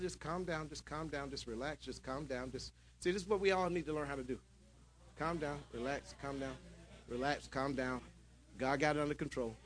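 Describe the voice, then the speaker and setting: A man preaching a sermon in church, shouting at his peaks and dropping into calmer storytelling. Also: a little high.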